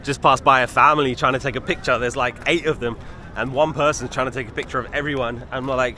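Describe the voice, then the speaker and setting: Here a young man's mid-range voice is steady, bright and forceful, and he talks fast. He's casually narrating a travel vlog on city streets, walking with a handheld camera and addressing viewers directly in a chatty, relaxed way. Faint street and traffic noise sits in the background.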